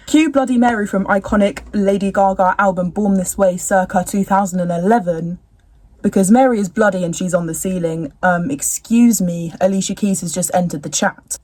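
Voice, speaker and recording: A woman's voice: mid-range voice, darkish tone, no room sound. A young woman in casual chat recapping a TV episode at home, rambling with slangy, jokey asides. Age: young adult.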